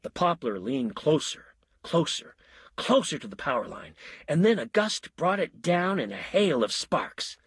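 A man reads a story aloud with a wry, measured delivery and a husky edge to his voice. His pitch moves in lively swoops, and the recording is close and dry. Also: no room sound. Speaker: audiobook narrator. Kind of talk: scripted narration.

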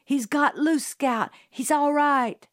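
A woman's voice: mid-range voice, animated, measured pace, no echo, studio quality, close to an everyday voice. A woman reading an audiobook, voicing an anxious, protective boy who speaks urgently and at times drops to a whisper. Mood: relieved. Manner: urgent, sometimes hushed to a whisper. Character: anxious Southern boy, protective older brother. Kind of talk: audiobook character voice.

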